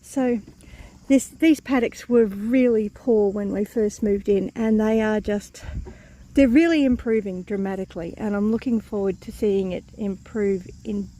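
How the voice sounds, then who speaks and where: Tired and slightly winded, a woman rambles through a casual outdoor vlog on her farm, using fillers and correcting herself. Her voice is dark and medium in pitch, and she talks a little slowly.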